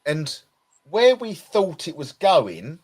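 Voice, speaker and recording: A man's voice: a little high, wildly swooping pitch, slow, darkish tone, breathy edge. A tired man with an Essex accent, co-hosting a casual talk show and rambling with many restarts. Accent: Essex English. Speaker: podcast co-host. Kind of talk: casual conversation.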